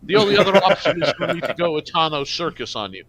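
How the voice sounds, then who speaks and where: A man's voice: fairly high pitch, sing-song, fast, a crowd in the background. A man running a tabletop game as game master, narrating in a loose, joking, profane way.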